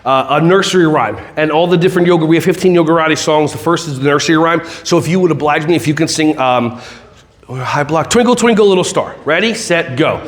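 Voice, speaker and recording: Keynote speaker, male, bright high voice, playful, loud crowd-rallying delivery. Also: fast talker. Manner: animated, jokey, sings and shouts along with the crowd. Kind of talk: energetic keynote talk with audience participation.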